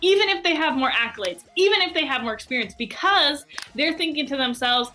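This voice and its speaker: Speaking a little fast with hardly any pauses, in a high voice, the head of a marketing agency talks as a guest with conversational enthusiasm. She animatedly imitates other people's voices while telling stories, and faint music sits in the background.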